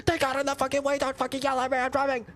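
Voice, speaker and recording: A man putting on a reckless, hot-headed young male driver who yells defensive curses. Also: very high-pitched, completely flat delivery, racing, slight background noise, voice pushed up. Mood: defensive yelling. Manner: shouting, profane, defensive. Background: game music.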